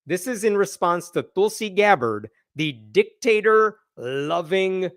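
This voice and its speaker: Man, live news host, sarcastic, exasperated, higher voice, dry close mic. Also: expressive, slow pace, a bit bright, no room sound.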